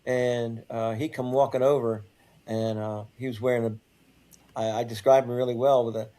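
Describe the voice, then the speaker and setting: An older man, a guest on an interview show, telling a first-person story in a halting way, repeating and restarting words. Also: medium pitch, flat delivery, mellow.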